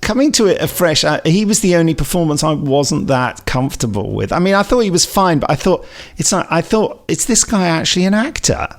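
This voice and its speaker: A man's voice: a little high, expressive, fairly quick, few pauses. A middle-aged man co-hosting a podcast, wry, teasing and opinionated. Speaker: podcast co-host. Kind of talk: casual chat.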